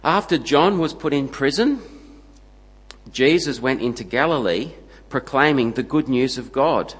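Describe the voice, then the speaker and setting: A man preaching a sermon, emphatic and steady, building his points into punchy lists. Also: mid-range voice, measured pace, breathy edge, big-room sound, rough recording.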